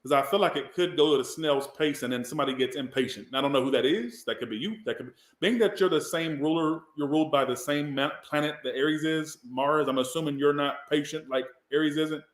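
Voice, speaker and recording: A man's voice: fairly high pitch, quick pace, hardly any pauses, reverberant. A man from the Southern US, giving a casual, rambling tarot reading and swearing now and then. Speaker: tarot reader.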